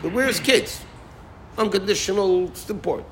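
Animated folksy rabbi, man. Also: high-pitched, normal speed, a little hiss or hum. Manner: animated, folksy, uses Yiddish and Hebrew terms. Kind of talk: informal Torah talk.

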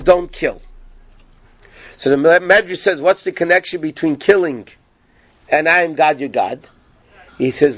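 A man's voice: a little high, a bit bright, no echo, muffled recording. A man teaching a Torah class, retelling a rabbinic story in a conversational way and checking in with his listeners. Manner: conversational, asks "yeah?" of listeners.

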